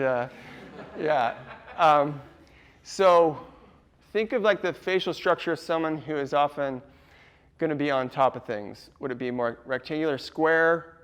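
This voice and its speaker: A man's voice: a little high, clean tone. A man presenting a casual workshop to a live audience, laughing often and quizzing the room.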